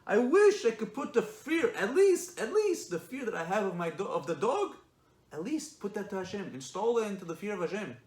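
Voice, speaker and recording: A man's voice: sits high, very animated, a little fast, darkish tone, voice pushed up. A man voicing an elderly rabbi in a story, shaken and pleading with himself in an impassioned, raised voice. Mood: anguished. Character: elderly rabbi, shaken, anguished, self-questioning. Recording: echoey room.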